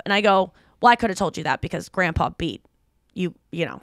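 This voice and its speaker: Speaking fairly quickly in a fairly low voice, a woman in her thirties hosts a podcast and animatedly acts out the quoted voices in the story she tells during casual chat. The studio-quality recording has no echo.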